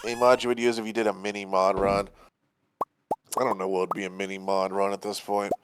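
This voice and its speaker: A man streaming a game, giving casual, animated commentary, joking and swearing lightly. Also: lowish voice, a little fast, background noise. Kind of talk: gameplay commentary, reading dialogue aloud.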